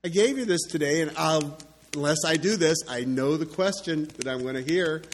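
A man preaching, asking the congregation slow, deliberate questions. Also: on the high side, slight background noise. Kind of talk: sermon. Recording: church sanctuary with long reverb.

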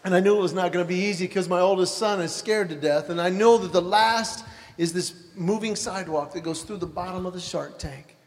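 Male storyteller, high pitch, lively acted-out anecdote, reverberant hall, faint background noise. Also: brisk. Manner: animated, acts out voices in his story. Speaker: father telling a story. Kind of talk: storytelling sermon illustration.

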